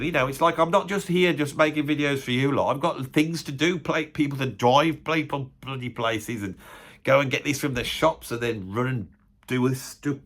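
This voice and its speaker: A man's voice: mid-range voice, a bit bright. A middle-aged man with a West Midlands accent, rambling self-deprecatingly to camera as a music-critic YouTuber, full of tag questions. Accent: West Midlands English. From West Midlands, England. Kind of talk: rambling casual monologue to camera.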